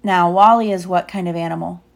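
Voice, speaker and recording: A mother reading a picture book aloud to her child, pausing to explain pages and ask questions. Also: lowish voice, steady tone, vocal fry. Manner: stops to explain and quiz the child.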